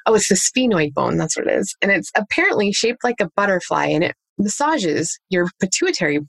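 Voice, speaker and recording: A woman's voice: mid-range voice, very animated, a little fast, creaky, dry recording. A woman working as a parenting coach, giving practical tips in an interview and walking through examples step by step. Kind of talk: conversational interview answers.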